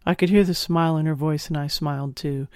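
A man reading a first-person audiobook in an intimate, expressive storytelling manner, close on the mic. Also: fairly high pitch, fairly quick, smooth, no echo. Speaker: audiobook narrator.

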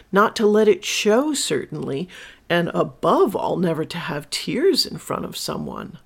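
A woman hosting her own podcast, speaking candidly and emphatically as she tells personal stories and gives advice as a sex educator. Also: on the low side. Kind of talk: solo podcast monologue.

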